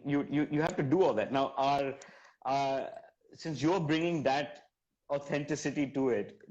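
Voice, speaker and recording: A man's voice: medium pitch, a little mellow, lo-fi sound. A man hosting an interview, curious and encouraging, asking long winding questions. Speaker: interview host. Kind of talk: casual interview chat.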